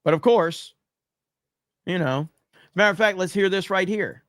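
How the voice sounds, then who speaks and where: A man with a fairly high voice hosts a podcast and rants bluntly, swearing freely as he reacts to clips. The sound is dry and close, with no room around it. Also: normal speed, dry recording. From USA. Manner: blunt and profane, heated. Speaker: podcast host. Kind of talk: casual political commentary.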